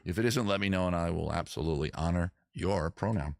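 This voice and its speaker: A man's voice: deep voice, fast, gravelly, a little mellow, no room sound, studio quality. A man hosting a casual live stream, chatting and reading viewer comments aloud from his rolling chair at home.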